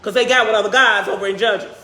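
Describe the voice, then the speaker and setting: A woman pastor delivers a sermon in a church sanctuary, her medium-pitched voice bright and sharp. She preaches conversationally and with animation, asking the congregation questions and shifting her pace for emphasis. The sanctuary sounds roomy and echoing.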